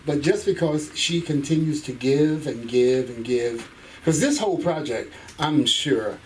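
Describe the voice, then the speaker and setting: A man, a comedian, rambling through a thank-you speech in an animated way. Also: medium pitch, unhurried. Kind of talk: casual speech to a comedy class. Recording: distant mic with faint room noise.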